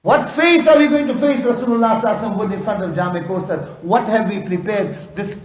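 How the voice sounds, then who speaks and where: A man preaching an impassioned sermon, at times rising to shouts, recorded in a hall. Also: sits high, fast. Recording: echoey hall.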